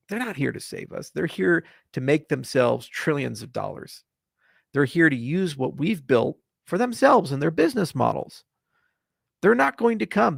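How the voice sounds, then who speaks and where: A man with a gravelly, somewhat high voice speaks to camera in a passionate, blunt and profane monologue, his level swinging from hushed to loud. The sound is dry and close, with no room echo. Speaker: crypto industry founder. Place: Colorado.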